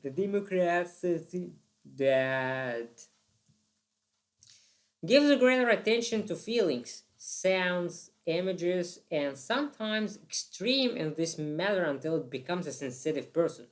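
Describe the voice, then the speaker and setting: A teacher explaining a lesson, halting often with "uh" fillers and restarting phrases. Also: medium pitch, lively intonation.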